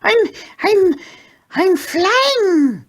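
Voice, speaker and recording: A man voicing a fat, lazy male pug dog that squeaks and takes offence easily, in a storybook reading. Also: huge pitch swings, brisk, full character voice. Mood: excited.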